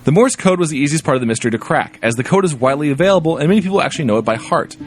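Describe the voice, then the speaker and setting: A man co-hosting a casual podcast, reading a listener email aloud with playful, animated storytelling. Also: fairly high pitch, racing. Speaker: podcast co-host.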